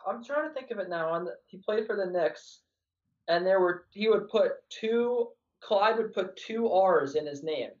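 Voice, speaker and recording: A man talking as a guest on a casual sports podcast, rambling and excitable, often trailing off mid-sentence. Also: high-pitched, moderate pace. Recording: dull lo-fi sound.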